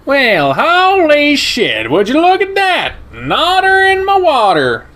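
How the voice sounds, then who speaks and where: A man voicing a cheery, crude, thirty-something male German shepherd who talks loudly with a drawl. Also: extremely high pitch, wildly swooping pitch, takes it slowly, pitched above the performer's own voice, heavily acted. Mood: brash, teasing. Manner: loud, drawling, brash.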